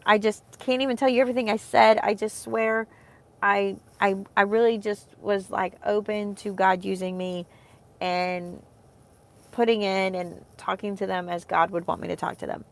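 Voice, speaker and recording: Close to tears, a woman in her thirties who homeschools talks to camera in a rambling, sincere vlog packed with fillers. Her voice is medium-pitched, level, creaky yet fairly bright, moving at a moderate pace.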